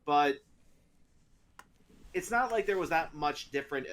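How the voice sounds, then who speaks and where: A man's voice: fairly high pitch, animated, measured pace, fairly bright tone. A man co-hosting a casual podcast, rambling along with many fillers and false starts. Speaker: podcast co-host. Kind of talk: casual chat.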